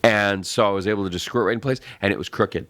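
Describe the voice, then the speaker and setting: A man's voice: on the low side, steady tone, fast, fairly bright tone, no room sound, clean studio sound. A man co-hosting a tech talk show, rambling through a home repair story step by step at a desk microphone. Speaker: co-host. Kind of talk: casual chat.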